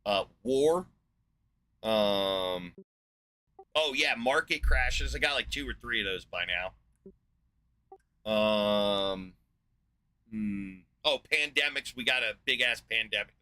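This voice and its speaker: A man in his forties from the United States, giving a profane, sarcastic and exasperated rant as a video host, rambling with filler pauses. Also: lowish voice, expressive, pushed and bright, clear, resonant tone, poor audio. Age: 40s. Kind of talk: ranting monologue.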